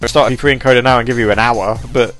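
A man's voice: mid-range voice, steady tone, fast talker, a bit bright, faint music behind. A man hosting a podcast alone, rambling and self-deprecating, with many fillers and restarts. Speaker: podcast host. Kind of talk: casual solo podcast chat.

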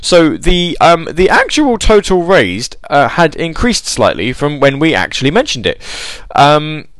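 A man chats casually as host of his own show, his pitch rising and falling in a lively way. He rambles, fills gaps with ums and corrects himself as he goes. The sound is dry, with no room echo. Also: a little slow. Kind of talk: casual live-show chat.

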